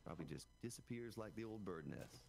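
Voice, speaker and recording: A man's voice: sits low, lively intonation, fairly quick, creaky, over music. A man streaming a game live, chatting to his viewers as he plays and talking into a broadcast microphone. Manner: chatty, talks straight to viewers as folks. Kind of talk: live gameplay commentary. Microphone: broadcast dynamic microphone.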